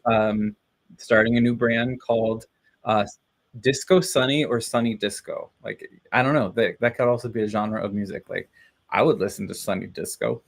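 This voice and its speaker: A man's voice: fairly low pitch, vocal fry. A man chatting casually on a live stream, rambling and cheering himself on with frequent laughs. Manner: rambling, self-encouraging, laughs often.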